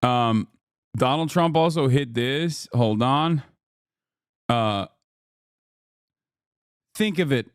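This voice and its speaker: A man's voice: mid-range voice, extremely slow, pauses often, clear, resonant tone, dry recording, studio quality. A man in his thirties giving casual, sarcastic live-stream commentary on the news, mocking and rambling.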